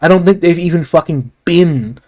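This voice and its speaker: A man's voice: on the high side, moderate pace, mellow. A man rambling casually through a film review, swearing often and breaking off into asides. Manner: rambling, profane, frequent restarts and asides.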